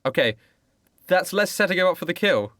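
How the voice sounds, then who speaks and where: Laughing, animated man running a game. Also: high-pitched, a little fast, dry recording, clean studio sound. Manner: laughs often, playful narration. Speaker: dungeon master. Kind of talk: narrating a tabletop game with friends.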